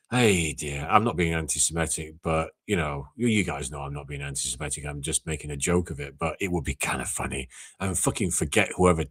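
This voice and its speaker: A young man hosting a casual call-in chat, blunt and sweary, ranting with loud outbursts. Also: deep voice, slightly rough. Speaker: live call-in show host.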